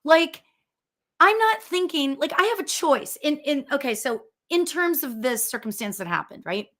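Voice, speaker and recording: Loud fast-talking woman telling a story. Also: sits high, expressive. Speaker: medium and show host. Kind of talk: casual chat.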